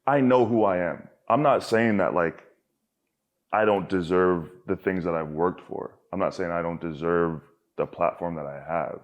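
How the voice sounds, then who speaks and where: Low-voiced young man rambling candidly. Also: moderate pace, muffled recording. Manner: rambling, heavy filler words and frequent swearing. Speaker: podcast guest. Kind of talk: candid casual conversation.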